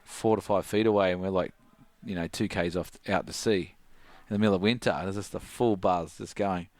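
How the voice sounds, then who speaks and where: A middle-aged Australian man, a surf coach, telling a story in casual chat, animated and laughing, full of "like". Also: sits low, a little fast, no echo. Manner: animated, laughing, heavy use of "like".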